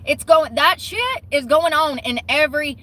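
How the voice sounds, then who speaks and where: Blunt, bright-voiced woman vlogger. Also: high voice, expressive, a little slow, rough recording. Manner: blunt, profane, mocking. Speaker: commentary vlogger. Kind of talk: casual commentary.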